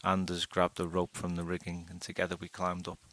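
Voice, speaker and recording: A man reading a first-person short story aloud in a steady, unhurried way. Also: low voice. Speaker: audiobook narrator.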